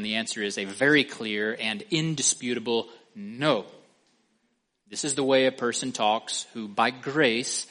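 Guy preaching a sermon, punchy emphasis, asks the crowd stuff, normal-pitched voice. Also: a bit bright. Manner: emphatic, asks the listeners questions, varies pace and volume for stress. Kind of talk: expository sermon.

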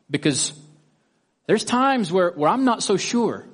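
A man's voice: high voice, sing-song, measured pace, slightly rough. A man teaching a Bible study lesson, methodically guiding listeners step by step through a drawing.

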